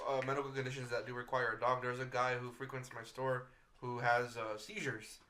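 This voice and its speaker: A man's voice: medium pitch, level tone, brisk, sharp tone. A man co-hosting a podcast who speaks bluntly and swears freely. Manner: blunt and profane. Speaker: podcast co-host. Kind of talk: casual podcast banter.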